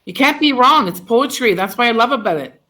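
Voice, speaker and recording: A woman teacher with a high-ish, pushed and bright voice speaks briskly with lively intonation. She leads a class discussion on poetry, asking questions, praising students' answers and repeating them back.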